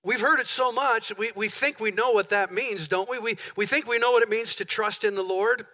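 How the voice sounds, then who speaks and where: A man delivers a sermon from the pulpit of a church, his voice high and bright. He leans hard into emphasis, piling up repeated phrases to drive each point home. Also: normal speed. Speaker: pastor. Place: church sanctuary.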